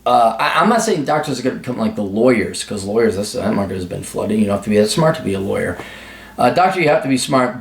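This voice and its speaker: A man's voice: mid-range voice, roomy sound. Blunt profane man ranting advice. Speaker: advice show host.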